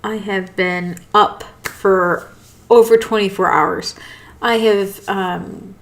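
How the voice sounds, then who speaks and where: A woman's voice: mid-range voice, fairly even intonation, slow, gravelly. Tired, yawning woman host; casual, rambling, apologetic delivery. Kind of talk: casual live talk.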